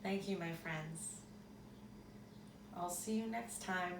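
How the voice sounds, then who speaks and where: Woman leading kids' story time, slow and encouraging, high voice, echoey room. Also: creaky, recorded from a distance, background noise. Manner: slow, encouraging, addresses kids directly. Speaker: children's storyteller, host.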